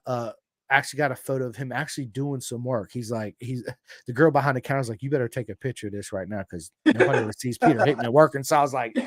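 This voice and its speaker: A man's voice: mid-range voice, dry recording. Country-accented American man, podcast host, hyped-up storyteller, dry sound. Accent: American Southern country. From United States. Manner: excitable storyteller, swears freely, big swings in energy. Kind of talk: casual chat.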